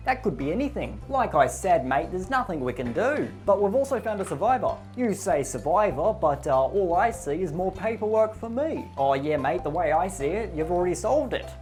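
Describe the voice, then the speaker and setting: A lazy male cop who can't be bothered, drawling as a woman plays him. His voice sits high and swings all over the place while he shrugs off every problem. Faint music plays underneath. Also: big pitch swings, normal speed, few pauses, darkish tone. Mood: dismissive. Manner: drawling, offhand, brushing things off. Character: lazy dismissive male police officer.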